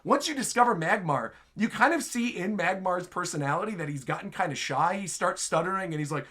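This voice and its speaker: Man, gaming show host, fairly high voice, casual chatty delivery, lots of "like" and "right?". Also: animated, brisk, hardly any pauses, sharp tone. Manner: chatty, enthusiastic, fills with "like" and "right?". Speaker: host answering viewer questions.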